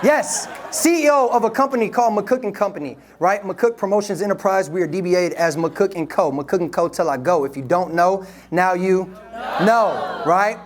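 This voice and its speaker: A young man in his twenties from Detroit giving a live motivational talk, energetic and playful, leading the audience in call-and-response. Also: high voice, normal speed. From Detroit, USA. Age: 20s. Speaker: motivational speaker. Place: event room with a live audience. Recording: live room recording with crowd and noise.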